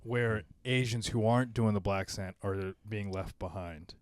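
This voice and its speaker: A man's voice: fairly low pitch, moderate pace, dry recording. A man co-hosting a comedy podcast, talking casually and rambling with fillers and restarts. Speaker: podcast co-host.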